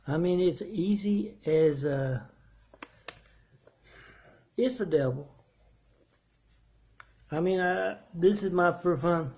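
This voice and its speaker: Husky man rambling through a story. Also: fairly high pitch, lo-fi sound. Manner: meandering, halting, with frequent restarts. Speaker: self-made video preacher.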